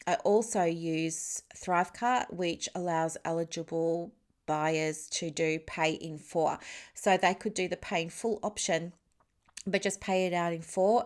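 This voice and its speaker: Woman mentor chatting on her podcast, animated, laughs a lot, talks straight to the listener. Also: on the low side. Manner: explains terms plainly, with asides to the listener. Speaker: business mentor. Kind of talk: solo podcast debrief.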